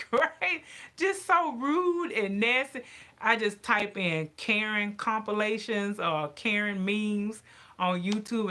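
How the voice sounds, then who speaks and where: A woman vlogger chatting casually to her viewers, animated and given to ranting. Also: mid-range voice. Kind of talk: casual chat to camera.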